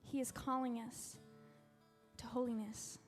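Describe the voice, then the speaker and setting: High-voiced woman telling a faith story. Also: unhurried, soft background music. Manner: animated storytelling, acting out quotes. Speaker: speaker at a faith convention. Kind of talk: personal testimony talk.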